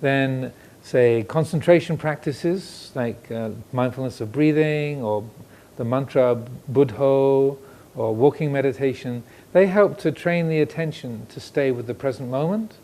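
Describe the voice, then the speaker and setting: A man, a Buddhist monk, giving a dharma talk indoors, reflective and pausing, asking questions as he goes. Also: mid-range voice, dark tone. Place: indoor room with air conditioner. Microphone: filmed by cameras.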